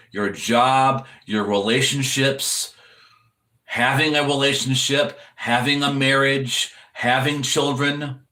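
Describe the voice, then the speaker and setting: A man's voice: mid-range voice, sharp tone, roomy sound. A man preaching an earnest sermon-style encouragement straight to the viewer, repeating his points to drive them home. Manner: earnest, repetitive exhortation addressed to the viewer.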